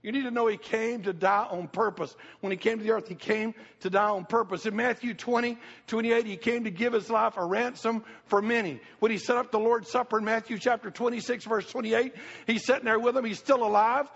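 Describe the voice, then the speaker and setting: A man's voice: high voice, steady tone, a little fast, creaky, few pauses, a bit bright. A middle-aged man preaching a sermon, folksy and emphatic, repeating his key phrases. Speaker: pastor. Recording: reverberant church hall, dull lo-fi sound.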